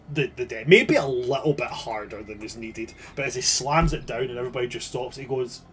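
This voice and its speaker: A man narrating as game master in a casual, sweary way, often restarting his sentences. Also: medium pitch.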